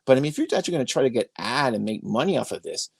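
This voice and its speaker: A man's voice: mid-range voice, expressive, rapid-fire, vocal fry, husky, dry recording. Man venting casually in a dry bedroom. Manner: emphatic, rambling storyteller. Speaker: podcast host. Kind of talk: casual interview chat. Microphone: iPhone.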